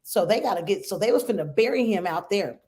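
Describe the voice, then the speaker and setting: A woman's voice: mid-range voice, animated, quick pace, a little mellow. A middle-aged woman hosting a support group for grieving mothers, telling a story in an earnest, emotional way and often checking in with "right?" and "okay?".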